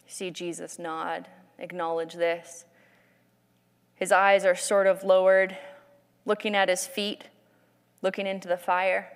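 A woman preacher narrating Bible scenes like film shots, in an animated storytelling sermon. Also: lowish voice, unhurried, long pauses, clean tone, long reverb tail.

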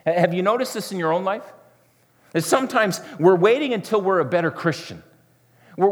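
A man preaching a sermon, earnest and repetitive, often sinking to a soft hush for emphasis. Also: fairly high pitch. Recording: long hall reverb.

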